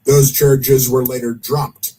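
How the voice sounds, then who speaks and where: Husky sarcastic man ranting casually. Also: mid-range voice, level tone, takes it slowly, warm tone, rough recording. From United States. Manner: sarcastic, rambling with many fillers. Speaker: political commentary host. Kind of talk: casual political commentary.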